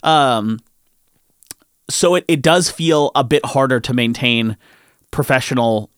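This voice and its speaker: A man's voice: medium pitch, slow, fairly bright tone, clean tone, no echo. Chatty young man, dry close sound. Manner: rambling, filler-heavy, swears freely. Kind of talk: casual chat.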